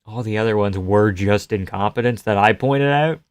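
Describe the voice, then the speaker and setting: A man's voice: fairly low pitch, moderate pace, clean tone. A man live-streaming casual commentary on a fight, offhand and joking, swearing freely.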